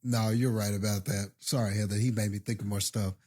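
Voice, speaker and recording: A man co-hosting a film podcast, rambling excitedly in casual chat. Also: lowish voice, fairly quick. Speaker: podcast co-host.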